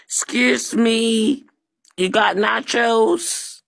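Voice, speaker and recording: A fussy customer with a drawling, mock-polite way of ordering, keeps saying "excuse me", as a woman puts her on. The speech is slow and gravelly, dragged out with a husky creak. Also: fairly high pitch, a bit bright, dry recording, heavily acted.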